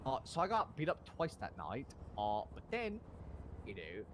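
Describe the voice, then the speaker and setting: A man's voice: medium pitch, huge pitch swings, moderate pace, slight background noise. A young man telling a rambling, slangy story in character while role-playing on a stream.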